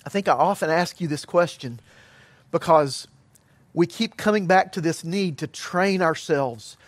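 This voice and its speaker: A middle-aged male pastor delivers a sermon in an earnest, emphatic way, slowing for measured pauses. His voice sits high for a man. The sound is dry and close, with little room around it. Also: dry recording.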